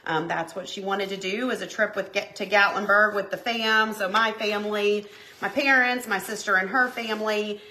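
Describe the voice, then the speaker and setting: Southern lady in her 40s, tennessee accent, chatty live-stream crafter, bright voice. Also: medium pitch, fairly even intonation, moderate pace. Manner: chatty and folksy, with lots of filler words. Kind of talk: casual chat reading live comments.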